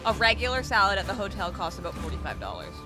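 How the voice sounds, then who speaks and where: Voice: medium pitch, wildly swooping pitch, fast talker, over music. A chatty stream co-host telling anecdotes in casual conversation. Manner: chatty, tells anecdotes with fillers. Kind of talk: casual gaming stream chat.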